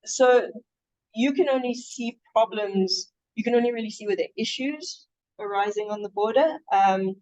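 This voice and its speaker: A woman's voice: fairly high pitch, normal speed, a little mellow. A woman historian answering questions at a seminar in a chatty way, with many restarts and some laughter. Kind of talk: academic seminar Q&A. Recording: dull lo-fi sound.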